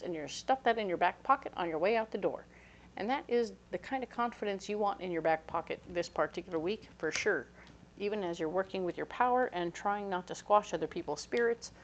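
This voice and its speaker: A woman's voice: medium pitch, fairly quick, highs cut off. Chatty, playful woman tarot reader, light noise under the voice. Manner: chatty, playful, animated asides. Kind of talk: casual tarot reading.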